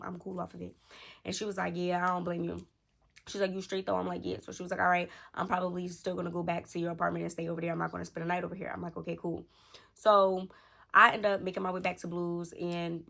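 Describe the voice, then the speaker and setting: Young woman, casual storyteller, slightly low voice with vocal fry, animated quoting. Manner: animated, acts out quotes from friends. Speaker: storytime vlogger.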